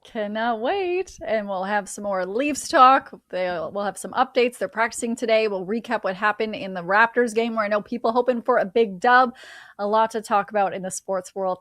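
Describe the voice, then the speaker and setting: A woman's voice: medium pitch, normal speed, a bit bright, no room sound, studio quality. A woman co-hosting a sports podcast, playful and teasing in casual chat. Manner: playful, teasing, laughs often. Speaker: podcast co-host.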